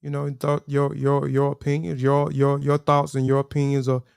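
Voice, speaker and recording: A man's voice: mid-range voice, monotone, normal speed, gravelly, a little mellow, clear, resonant tone, no echo, clean studio sound. A man hosting a casual livestream, rambling, repeating words and talking to viewers in the chat. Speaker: livestream host.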